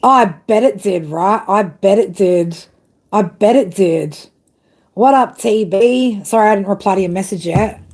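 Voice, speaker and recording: A woman's voice: mid-range voice, unhurried, a little mellow. Blunt, swearing woman. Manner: blunt, heavily profane ranting. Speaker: tarot reader. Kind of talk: live-stream reading, chatting with viewers.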